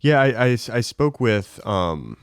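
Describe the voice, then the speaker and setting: A young American man hosting a casual interview, low-key and encouraging. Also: sing-song, slow, clean tone, no room sound, clean studio sound.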